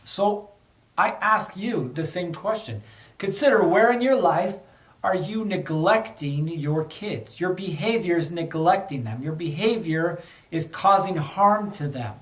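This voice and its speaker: In an echoey room, slightly distant from the microphone, a middle-aged podcast host who used to work as an undercover officer tells a frank personal story with a lesson. His voice is high and animated, and he takes his time, keeping things casual and conversational.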